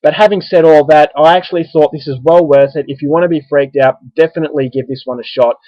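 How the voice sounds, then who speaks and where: An Australian man giving a casual spoken film review, talking conversationally with frequent pauses and restarts. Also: a little high, fairly even intonation, dry recording, dull audio.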